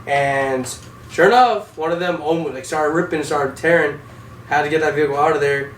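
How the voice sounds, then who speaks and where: A man's voice: fairly high pitch, normal speed, fairly bright tone. A young man, an Army vehicle driver, telling war stories casually with heavy swearing, in an echoey room. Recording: echoey room, distant mic, faint noise.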